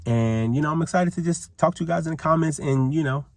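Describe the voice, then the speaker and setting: A man's voice: fairly high pitch, fast talker, no room sound, studio quality. A man giving a casual, rambling recap of a TV episode outdoors, leaning heavily on "like" and "you know" as he talks to his viewers. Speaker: TV recap vlogger. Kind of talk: casual reality-TV recap rant. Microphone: camera he is holding or propping up.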